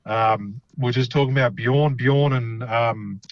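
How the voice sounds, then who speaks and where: A man's voice: mid-range voice, a little slow, no echo. A man chatting casually on a podcast, rambling and enthusiastic, swearing now and then. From Australia. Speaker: podcast co-host. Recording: dry, dull lo-fi podcast mic.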